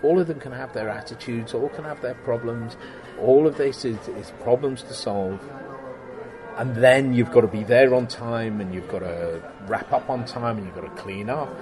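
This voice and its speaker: Animated middle-aged man telling work stories. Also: mid-range voice, moderate pace, music in the background. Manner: animated storyteller, acts out quoted exchanges, laughs often. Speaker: guest, special effects workshop owner. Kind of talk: casual interview conversation.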